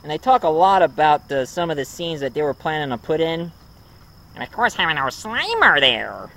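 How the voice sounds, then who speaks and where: A man's voice: a little high, very animated, normal speed, bright, forceful tone. Rambling man reviewing movies. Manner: rambling, full of ums and uhs, chuckles often. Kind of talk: casual home video review.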